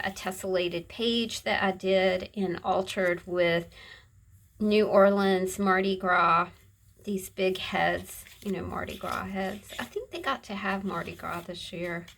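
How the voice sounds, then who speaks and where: A middle-aged woman hosting a casual craft video, chatting in a soft, rambling way as she shows her handmade books. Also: medium pitch, steady tone, slow pace, creaky, rough recording. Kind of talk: casual show-and-tell chat.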